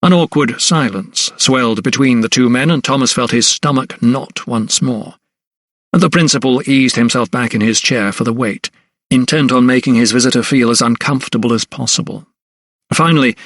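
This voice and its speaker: Reading a period mystery for an audiobook, a male narrator uses a mid-pitched voice and an even, measured pace in scripted narration. The sound is dry and close, with no echo or room sound.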